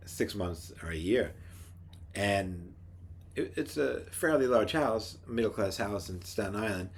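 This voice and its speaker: A middle-aged man, rambling through personal anecdotes in a relaxed monologue. His voice sits fairly low and sounds husky, and he often restarts his sentences as he talks. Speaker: podcast host. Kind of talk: casual storytelling monologue.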